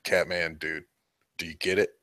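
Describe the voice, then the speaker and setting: Game master, male, deep forceful voice, loose casual narration. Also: level tone, moderate pace, dry recording. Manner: loose, hedging narration with "kinda" and "like".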